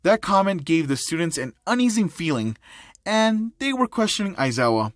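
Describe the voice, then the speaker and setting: A man's voice: sits high, sing-song, normal speed, dry recording, clean studio sound. A man narrating a fan-made audio story in a plain reading manner. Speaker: narrator and voice actor.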